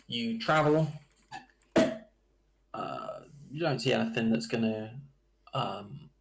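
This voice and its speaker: A man, narrating a tabletop game as dungeon master in an easygoing, halting way with many fillers. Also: mid-range voice, gravelly, background noise.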